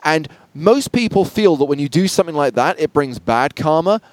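A man's voice: on the high side, animated, normal speed, no room sound. A man hosting an interview show with wry, dry humor. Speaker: show host.

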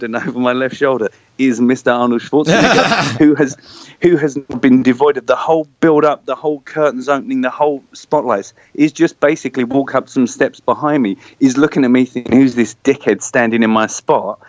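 Man telling a lively story. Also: mid-range voice, brisk, no room sound, muffled recording. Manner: animated, self-deprecating, acts out voices. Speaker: guest storyteller. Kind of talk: casual anecdote.

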